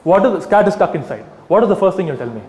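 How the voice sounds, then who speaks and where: A man giving a live talk to an audience, animated and mocking, acting out little scenes. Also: sits high, rapid-fire. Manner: animated, mocking, acts out scenes with quoted voices. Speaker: vegan activist speaking to an audience. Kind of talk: live public talk to a crowd. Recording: echoey hall, faint room ambience.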